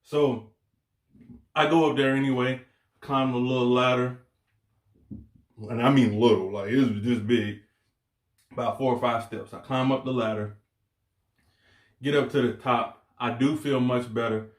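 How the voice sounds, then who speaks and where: A young man telling a casual story on his channel, slangy and animated, laughing as he goes. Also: medium pitch, measured pace, long pauses, echoey room. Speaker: vlogger.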